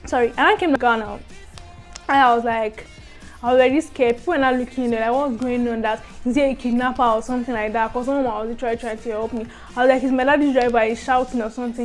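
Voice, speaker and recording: A young woman, telling a storytime vlog in an animated way that swings between loud and hushed. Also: on the high side, fast talker, faint music behind. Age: young adult. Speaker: vlogger.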